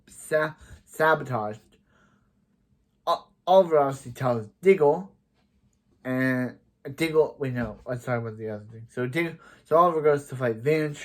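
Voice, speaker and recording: A man giving a casual recap of a TV episode, rambling, with many restarts and repeated "so". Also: on the high side. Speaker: TV episode reviewer.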